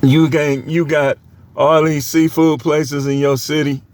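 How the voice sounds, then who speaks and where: A man's voice: fairly high pitch, little pitch movement, unhurried, a little mellow. A man with a cold who coughs now and then, preaching a casual, joking sermon with lots of laughter and slangy banter.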